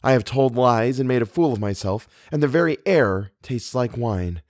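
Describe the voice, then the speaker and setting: A man's voice: mid-range voice, moderate pace, a little mellow, no room sound, studio quality, lightly acted. A man voicing a hopeful, anxious young woman in a storybook reading, speaking in a wondering, breathless way. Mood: dreamy.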